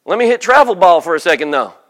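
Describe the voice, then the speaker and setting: Man preaching, high-pitched, very lively, mock voices. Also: fast talker. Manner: animated, shifts into mock voices for imagined people. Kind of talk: sermon.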